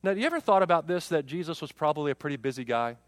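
A man's voice: on the high side, animated, rapid-fire, no room sound. A man in his forties, a pastor preaching a sermon, often repeating words as he goes. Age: 40s.

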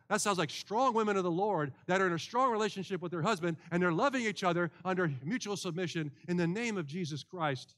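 High-voiced man preaching a sermon. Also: a bit bright. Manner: earnest preaching with repeated restarts. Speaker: pastor. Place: church.

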